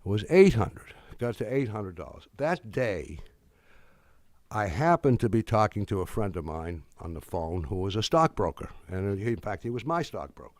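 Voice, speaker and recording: An older man giving a talk to an audience, telling a story in a halting, wry way with many restarts. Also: lowish voice, big pitch swings, darkish tone, dry recording, studio quality.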